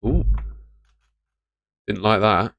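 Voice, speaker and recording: The young man, relaxed and chatty, talks over his fantasy football picks on a live stream while answering viewers in casual commentary. His fairly low voice is creaky and very slow, and the stand-mounted studio mic sounds dry and close, with no echo or room.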